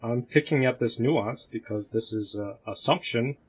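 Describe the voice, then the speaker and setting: Husky-voiced male host, opinionated, casual discussion over a video call. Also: mid-range voice, normal speed. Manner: opinionated, animated, laughs between points.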